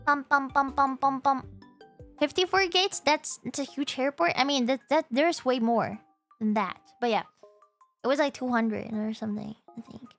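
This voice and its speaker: A young woman streamer telling a story casually, animated and exclaiming as she acts out her own reactions. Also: sits high, moderate pace, faint music behind.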